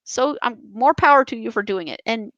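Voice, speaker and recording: Guest voice: emphatic young woman, higher pitch, dry close sound. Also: brisk, fairly bright tone, no echo, lo-fi sound. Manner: passionate, emphatic, many restarts. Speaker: podcast guest. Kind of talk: casual interview chat.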